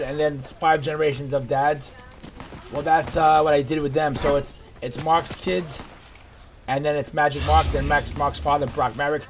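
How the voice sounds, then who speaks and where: A man chats loosely through his gameplay, wandering off topic and restarting his thoughts. His voice sits a bit higher than most men's. A clear noise bed runs under the recording. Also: steady tone. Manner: rambling and digressive, halting. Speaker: gaming video creator. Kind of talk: casual gameplay commentary. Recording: background noise.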